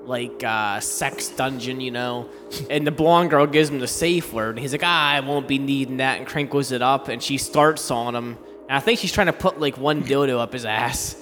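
A man's voice: medium pitch, normal speed, fairly bright tone. A man in his thirties co-hosting a podcast, telling stories and reviewing beer in a chatty way. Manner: storytelling, chatty, laughs easily. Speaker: podcast co-host. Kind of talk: casual beer review chat. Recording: long reverb with faint music.

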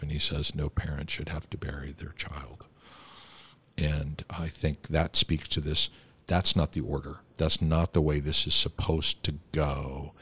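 A middle-aged man with an extremely deep, husky voice hosts a church podcast interview. He speaks reflectively and thoughtfully, with a fairly flat, even delivery. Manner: reflective, thoughtful, with brief affirmations. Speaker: podcast host, church stated clerk. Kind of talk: conversational interview.

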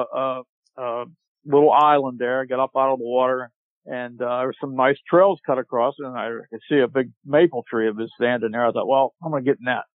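A man telling a long hunting story as a podcast guest, animated and laughing as he goes. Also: medium pitch, no room sound. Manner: animated, laughs while telling, acts out shouted quotes. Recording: tinny dry phone-line audio.

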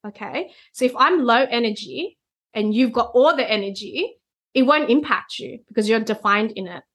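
Woman explaining with a bright, high voice. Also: normal speed. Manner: explains patiently, often checks in with "right?". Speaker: Human Design reader, guest. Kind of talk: explanatory conversational chat.

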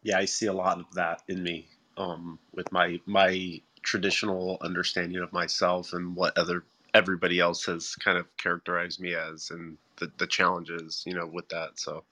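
A man sharing personal reflections in a group room, speaking haltingly with many restarts. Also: sits low, monotone, pushed and bright.

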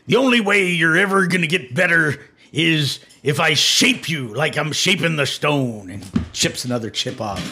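A man doing a gruff pirate-sounding dwarf god. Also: a little high, animated, measured pace, pushed and bright, exaggerated voice. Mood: scolding. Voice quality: pirate-like growl. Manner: scolding, preachy, calls others lad and son. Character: gruff stern male dwarf god, sculptor.

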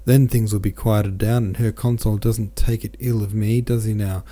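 A man voicing a young labourer who speaks in a slow, rough country dialect. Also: on the low side, level tone, dark tone, close to an everyday voice. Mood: stubborn. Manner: slow, drawling dialect speech.

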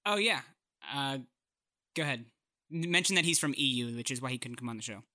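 A man's voice: medium pitch, animated, brisk, sharp tone. A man hosting a podcast, chatting casually in loose, rambling sentences. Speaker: podcast host. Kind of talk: casual chat.

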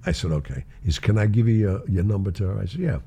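Gravelly older man telling lively anecdotes. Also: lowish voice, fast, a little hiss or hum. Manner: animated storyteller who acts out quoted voices and laughs often. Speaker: guest telling show-business stories. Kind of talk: casual anecdote.

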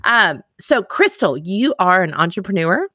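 A woman's voice: mid-range voice, sing-song, measured pace, bright, forceful tone, dry recording, studio quality. A woman with a Texas twang hosting a podcast, chatty and enthusiastic in casual interview talk. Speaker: podcast host.

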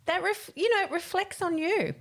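A woman's voice: extremely high pitch, normal speed, a crowd in the background. A middle-aged woman in casual chat, telling stories frankly and laughing often.

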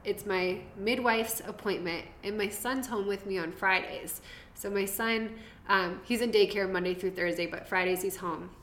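A woman's voice: medium pitch, moderate pace, a bit bright, slight background noise. A young woman telling her birth story as a podcast guest, chatty and laughing, drifting into tangents. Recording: roomy echo.

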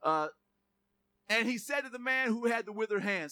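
A male pastor giving a sermon in a lively, joking way, reading scripture aloud. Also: very high-pitched, fast talker.

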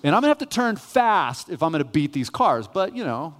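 A male pastor preaching a sermon, telling a self-mocking, animated story. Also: fairly high pitch, a little fast. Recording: reverberant church hall.

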